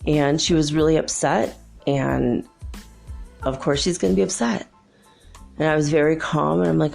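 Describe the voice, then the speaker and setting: Low, gravelly woman host talking casually. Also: fairly even intonation, normal speed, pauses often, a little mellow, soft background music. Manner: chatty, exasperated storytelling with frequent fillers. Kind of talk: casual monologue to listeners.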